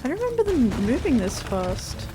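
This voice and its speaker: A woman's voice: high voice, huge pitch swings, fairly quick. A woman streaming a video game, chatting casually with viewers in a giggly, easily startled way. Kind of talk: casual gameplay chat. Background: faint game music.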